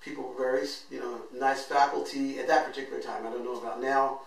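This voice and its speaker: A man's voice: mid-range voice, little pitch movement, fast, gravelly. A man earnestly telling his own life story as host, acting out what he said back then. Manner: earnest and emotional, acts out his own past words. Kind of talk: personal storytelling monologue. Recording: echoey room, voice from a distance.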